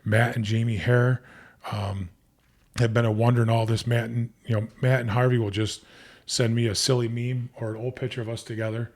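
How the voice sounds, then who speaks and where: A man's voice: medium pitch, little pitch movement, a little fast, a little mellow. Rambling middle-aged man telling stories. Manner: rambling, with many restarts and fillers. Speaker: podcast guest. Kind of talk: casual storytelling.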